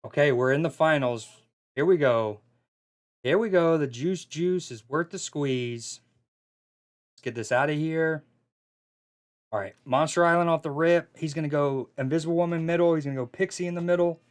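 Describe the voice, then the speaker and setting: A man's voice: on the high side, normal speed, smooth. Chatty man doing casual esports commentary. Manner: chatty, loose, excitable, with frequent fillers and restarts. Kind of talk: casual live stream commentary.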